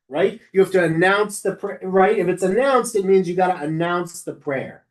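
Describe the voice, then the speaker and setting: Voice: mid-range voice, normal speed, hardly any pauses. A rabbi giving an instructional class talk to lay service leaders, conversational and often correcting themself mid-sentence. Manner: conversational, with frequent self-corrections and asides.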